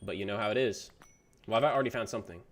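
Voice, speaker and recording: Low-voiced and rapid-fire, a young gaming streamer casually chats with his audience on a livestream. He reads their messages out and answers loosely with plenty of slang, "bro" included often.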